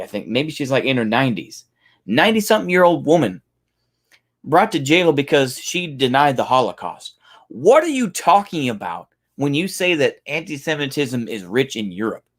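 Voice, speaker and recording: A man giving heated, profane reaction commentary, incredulous and swearing often. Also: mid-range voice.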